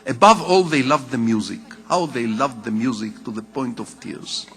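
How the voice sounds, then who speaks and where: An older Israeli man with a Hebrew mother tongue, giving a public lecture in measured storytelling with rhetorical repetition. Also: mid-range voice, fairly bright tone, long reverb tail. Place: large lecture hall.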